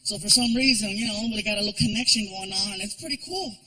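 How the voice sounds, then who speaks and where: A man performing a stand-up comedy routine, telling stories animatedly, acting out characters and shouting punchlines. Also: sits high, quick pace, rough recording.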